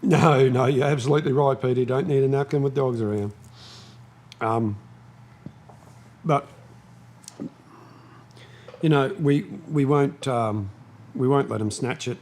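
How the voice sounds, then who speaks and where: A man hosting a casual live stream from his shed, chatting slowly and snapping commands at his dogs. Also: mid-range voice, fairly even intonation. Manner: slow, chatty, scolding his dogs in sharp bursts. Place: home workshop shed.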